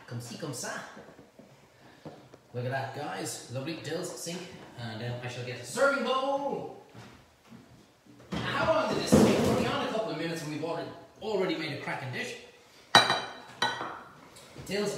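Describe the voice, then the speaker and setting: Chatty cooking host in an echoey kitchen. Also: male voice, a little high, distant mic, background noise. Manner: chatty, jokey, talks to helpers while cooking. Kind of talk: casual cooking demonstration. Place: home kitchen.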